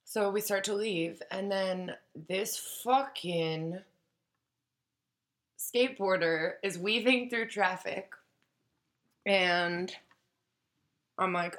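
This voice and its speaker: A woman's voice: mid-range voice, unhurried, pauses often, a bit bright. A woman casually telling a story, acting out the quoted voices and swearing freely.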